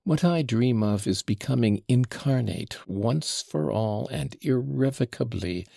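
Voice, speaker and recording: A fawning, mocking devil dressed up as a shabby gentleman, put on by a man reading an audiobook. His voice sits higher than the reader's own, with gravelly creak and a husky edge. It flits between sly courtesy and little French flourishes, all recorded dry and close. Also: animated, unhurried, no room sound, full character voice.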